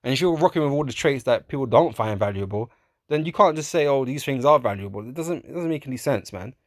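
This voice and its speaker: A man preaching in a casual, profane way, often laughing, calling listeners man and bro, and reading scripture slowly in old-fashioned wording. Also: medium pitch, expressive, no echo, studio quality. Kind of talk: street-style sermon, reading scripture.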